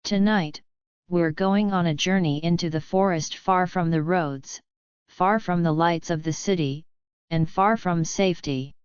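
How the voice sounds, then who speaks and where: A woman narrating bedtime horror stories in a calm, soft, hushed and atmospheric way, as the regular host of the channel. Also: lowish voice, a little slow, clear, resonant tone, no room sound, muffled recording.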